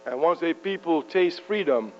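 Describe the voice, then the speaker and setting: Fiery high-voiced man giving a speech. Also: expressive, moderate pace. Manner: fiery, rhetorical, chuckles at own jokes. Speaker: public speaker addressing university students. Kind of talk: impassioned political speech. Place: university lecture hall. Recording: muffled archival tape with mains hum.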